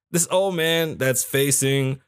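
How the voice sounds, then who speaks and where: A man's voice: medium pitch, drawn-out words, clear, resonant tone, dry recording. A man hosting a live podcast in a small studio, chatting casually into a microphone, joking, swearing and rambling from topic to topic. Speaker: podcast host. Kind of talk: casual live show chat.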